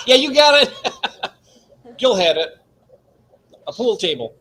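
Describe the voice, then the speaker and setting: Bright animated man, quick to laugh. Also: very high-pitched. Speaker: livestream host. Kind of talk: casual chat.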